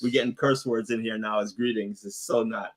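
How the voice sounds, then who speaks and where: A man's voice: on the low side, fairly even intonation, a little fast. A man co-hosting a casual travel live stream, chatting, laughing often and reading out viewer comments. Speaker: travel vlogger co-host.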